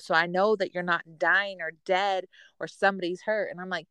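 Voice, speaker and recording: A woman's voice: lowish voice, little pitch movement, brisk, a bit bright, smooth, no echo. A candid, chatty woman. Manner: candid, chatty, laughs at herself. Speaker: podcast co-host, military spouse. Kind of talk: casual chat.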